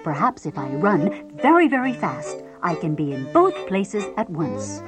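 A woman voicing a gentle, simple-minded little male owl in a children's storybook reading, with violin music underneath. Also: fairly low pitch, very animated, unhurried. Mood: earnest.

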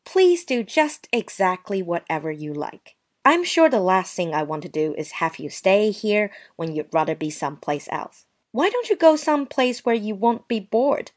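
A woman's voice: mid-range voice, big pitch swings, moderate pace, lightly acted. A woman voicing a touchy, prim young woman who answers with sarcastic, wounded politeness in a dramatized story. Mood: offended. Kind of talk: dramatized short story reading.

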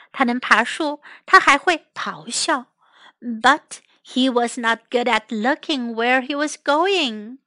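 A woman reading a children's story aloud line by line, translating each line, gentle and clear, as storyteller and English teacher. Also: sits high, no room sound.

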